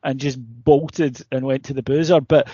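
A Scottish man, a podcast co-host, telling a story in casual chat, animated and full of swearing and quoted back-and-forth. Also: mid-range voice, normal speed, no room sound, dull audio. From Scotland.

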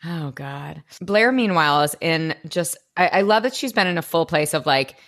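A woman co-hosting a podcast, recapping an episode in casual chat, animated and giggly with frequent swearing. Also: sits low, moderate pace. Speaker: podcast co-host.

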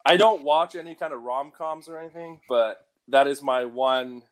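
A man's voice: medium pitch, moderate pace. A man who grew up in the United Kingdom, co-hosting a podcast in casual chat and laughing through the banter. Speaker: podcast co-host.

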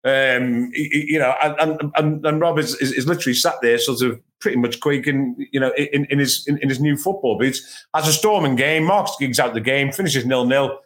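A middle-aged man from England, a podcast co-host telling football anecdotes in a lively, stumbling chat. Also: medium pitch, moderate pace. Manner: anecdotal, animated, lots of restarts. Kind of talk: casual chat, storytelling.

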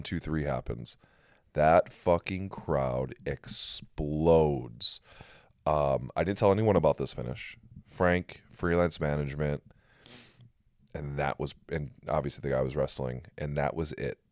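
Super deep voiced guy on a podcast, dry close sound, tells it all animated, cusses a lot. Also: no room sound. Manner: animated storytelling, swears freely. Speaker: podcast host and pro wrestler. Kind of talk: casual chat.

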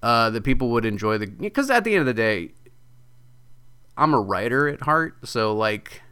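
Guest, male writer: bright, crisp voice, animated and jokey in a casual interview. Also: mid-range voice, moderate pace. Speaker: video game writer, guest.

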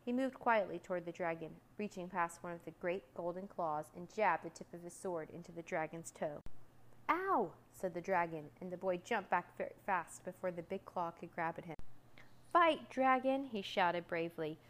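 A woman narrating a children's storybook, lively and expressive. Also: normal speed, few pauses, low-quality recording. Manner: lively, voicing characters with raised pitch for shouts. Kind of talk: storybook reading aloud.

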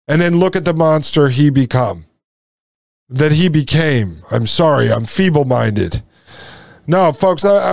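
A man's voice: on the high side, vocal fry, a little mellow, no echo, studio quality. A man hosting a commentary show, reading out passages and reacting with emphatic indignation to his listeners. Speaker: podcast host. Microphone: sunglasses on camera, studio mic.

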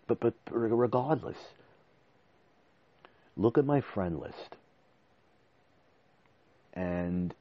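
A man's voice: low-pitched, no room sound, muffled recording. A man in his forties hosting a podcast, talking to listeners in an emotional, rambling way and restarting his words. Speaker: podcast host. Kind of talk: casual monologue. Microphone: desk microphone.

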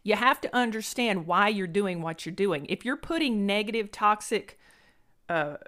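A middle-aged woman speaks earnestly as a podcast host, giving a motivational monologue. She repeats phrases for emphasis, and her voice sits at a mid pitch. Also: animated, normal speed, fairly bright tone.

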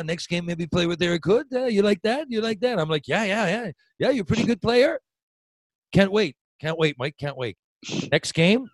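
A middle-aged man, a former hockey player, telling a story in a casual chat, animated and swearing freely. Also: a little high, no room sound, poor audio. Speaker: retired hockey player, podcast guest storyteller.

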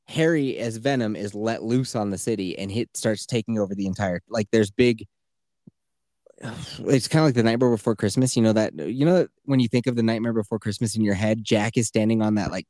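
A man's voice: on the low side, moderate pace, dry recording, clean studio sound. A man co-hosting a casual podcast, swearing freely and retelling a video game plot with mocking quoted voices. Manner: profane, animated storytelling with mocking quoted voices. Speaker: podcast co-host. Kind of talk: casual chat.

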